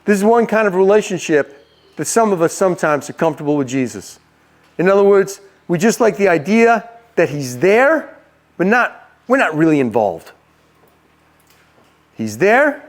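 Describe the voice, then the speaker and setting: A male preacher tells a story in a relaxed, chatty way and asks his listeners questions. His voice sits high for a man. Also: normal speed, long pauses. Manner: conversational, asks the audience questions. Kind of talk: storytelling sermon.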